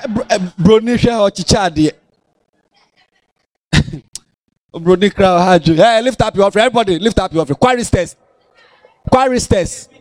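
A man's voice: sits high, moderate pace, pauses often, no echo. A man with a Ghanaian accent preaching a sermon as pastor in a church, scolding and teasing his congregation. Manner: animated, scolding, playful.

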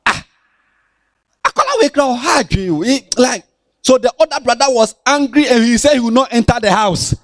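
A man with a Ghanaian accent preaches to children in a high voice that swoops up and down all the time. His delivery is sing-song and playful, teasing the listeners as he goes. The sound is close and dry. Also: very animated, moderate pace, dry recording. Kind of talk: lively Bible lesson for children.

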